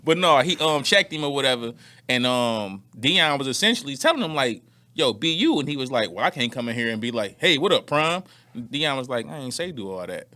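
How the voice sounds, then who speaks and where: A man co-hosting a casual podcast chat, animated, acting out quotes in different voices. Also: mid-range voice, fairly quick. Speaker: podcast co-host.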